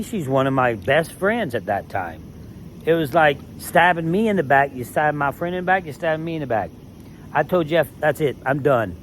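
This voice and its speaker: A man with a somewhat high voice, talking in a casual, heated rant. He is emphatic and swears freely. A faint noise hums behind him. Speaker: former reality show contestant.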